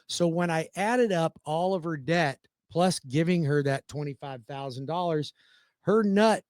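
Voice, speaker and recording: A mortgage lender hosts a radio show, telling a client story persuasively and with animation. He uses big swings in pitch and loudness for emphasis, and the studio-quality recording has no echo.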